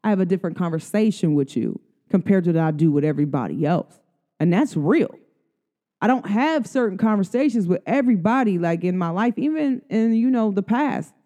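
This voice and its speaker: A woman's voice: mid-range voice, lively intonation, brisk, dark tone. A woman hosting a podcast, speaking in casual, earnest slang about love and friendship, with many fillers. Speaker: podcast host. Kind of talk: casual spiritual talk.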